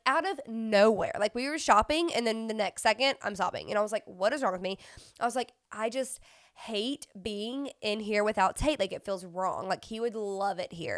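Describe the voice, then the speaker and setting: A woman's voice: medium pitch, dry recording, studio quality. A young woman hosting a podcast, telling stories in a casual chatty way, sniffling from a runny nose and filling her talk with "like". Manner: chatty, sniffly, filler-heavy storytelling. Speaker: podcast host. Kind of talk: casual chat.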